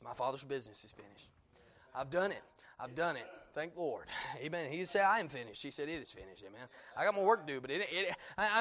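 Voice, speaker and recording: A man preaching a sermon, dropping to hushed low passages and climbing to loud peaks, with frequent amens and uh fillers.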